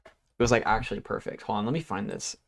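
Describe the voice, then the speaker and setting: A young streamer rambling easygoing as he works, swearing casually along the way. His voice sits low with a gravelly creak. The sound is dry and close. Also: fast talker, dry recording. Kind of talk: casual chat while working.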